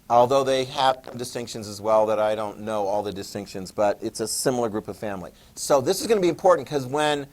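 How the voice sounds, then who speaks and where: A man teaching a history class, casual and joking, asking students questions. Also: fairly high pitch. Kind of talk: classroom lecture.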